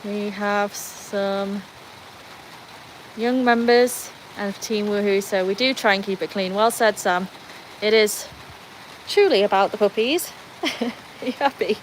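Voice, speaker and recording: A woman's voice: mid-range voice, fairly even intonation, takes it slowly, pauses often, slight background noise, rough recording. A woman with a British accent hosting a casual livestream from a covered veranda in the rain. She chats with viewers, reads out their comments and coaxes her dogs along. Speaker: livestream host. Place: covered tin-roofed veranda during rain.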